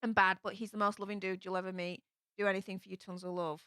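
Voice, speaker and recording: A woman's voice: medium pitch, level tone, fast, bright, forceful tone, smooth, dry recording, studio quality. A young woman with a Yorkshire accent hosting a casual live stream, chatting and reading viewer comments aloud with plenty of ums. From England.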